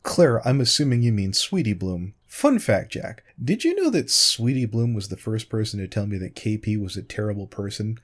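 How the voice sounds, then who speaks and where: A man's voice: lowish voice, very animated, a little fast, few pauses. Sarcastic, pointed male commentator. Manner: sarcastic, pointed, repeatedly addressing his target by name. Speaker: YouTube commentator responding to a critic.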